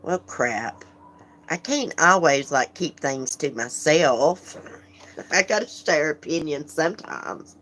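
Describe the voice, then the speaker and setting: A woman with a low voice hosts a casual livestream. She talks frankly and chattily, laughing often and greeting viewers by name as she reads their comments. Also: lively intonation, slow pace, fairly bright tone. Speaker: livestream host.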